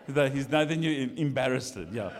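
A man, a lead pastor, preaching in a church, jokey and animated, jumping from shouts to quiet asides. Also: mid-range voice, moderate pace, big-room sound. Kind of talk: sermon. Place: church hall.

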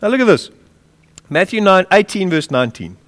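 High-voiced preacher in a hall. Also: male voice, fairly quick. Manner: impassioned, with a lively rise and fall; chuckles while telling stories. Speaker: pastor. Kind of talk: sermon. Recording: long reverb of a large hall.

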